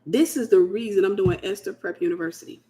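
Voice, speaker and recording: A woman's voice: mid-range voice, quick pace, dark tone. A woman from the United States hosting a casual Christian teaching talk, speaking in an emphatic, colloquial way and repeating her key phrases. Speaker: host.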